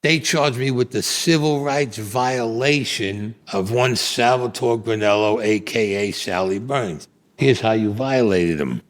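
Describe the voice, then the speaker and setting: A Brooklyn man in his seventies, medium-pitched and measured, recounts his life in a recorded interview with no echo. He's blunt and profane, acting out other people's voices as he tells his story.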